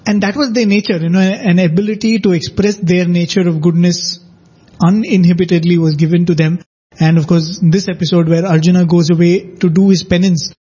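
A man's voice: high-pitched, mellow, slightly rough. A man in a spiritual discussion, telling anecdotes in a conversational way with many "you know"s. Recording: dull lo-fi recording.

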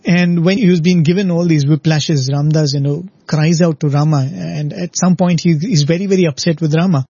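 A man's voice: fairly high pitch, fairly even intonation, fairly quick, warm tone, husky, dry recording. A man giving a reflective devotional talk, explaining through stories and often checking in with "right?". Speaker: devotional speaker. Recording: dull lo-fi recording.

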